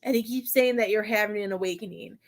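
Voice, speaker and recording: A woman's voice: medium pitch, quick pace. A woman giving a psychic medium reading on a live stream, talking in a hesitant, rambling way with many fillers and often getting choked up. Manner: emotional, gets choked up.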